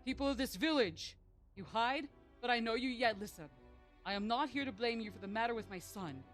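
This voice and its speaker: A woman voicing a grieving father who rallies his villagers, read aloud from a game in a lowered, earnest voice. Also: fairly quick, soft background music, natural voice. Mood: rousing. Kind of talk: reading game dialogue aloud on stream.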